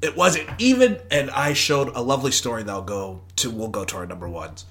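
A young man co-hosting a casual podcast, talking in a playful, jokey, animated way. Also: mid-range voice, brisk. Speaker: podcast co-host. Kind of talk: casual chat.

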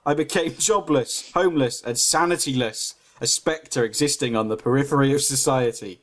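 A man's voice: mid-range voice, moderate pace. A man reading his own story aloud on a podcast, giggly and self-mocking, breaking off to comment.

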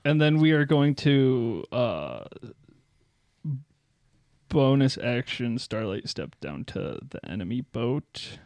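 A man playing a tabletop game, talking in a halting way with many restarts and repeated words. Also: medium pitch, sing-song, darkish tone. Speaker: player. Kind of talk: casual tabletop play.

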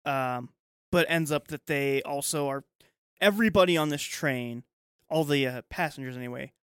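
A man co-hosting a podcast in casual chat, agreeable and quick to say yes while retelling a film's plot. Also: a little high, a bit bright, smooth, no room sound, clean studio sound. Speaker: podcast co-host.

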